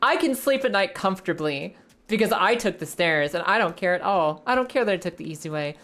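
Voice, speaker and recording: A woman's voice: on the low side, lively intonation, a little fast, fairly bright tone. A woman voicing a defensive, self-excusing person who took the easy way, whining in justification. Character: self-excusing stair-taker, mock childish.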